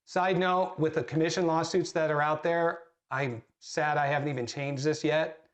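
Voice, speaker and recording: A man's voice: fairly high pitch, steady tone, normal speed. A man, a real estate agent, telling an earnest story while coaching other agents on a training call, often restarting his sentences.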